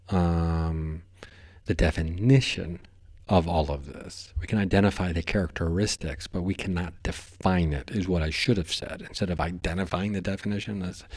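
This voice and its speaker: A man's voice: sits low, a little mellow. A man hosting a podcast, talking in a rambling, playful way and often tripping over his words. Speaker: podcast host. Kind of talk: casual podcast monologue.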